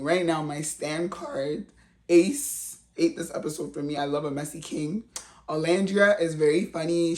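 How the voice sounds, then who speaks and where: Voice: mid-range voice, a little mellow. Chatty vlogger with a mid-range voice. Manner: chatty, slangy, laughs often. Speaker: reality TV recap vlogger. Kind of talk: casual commentary.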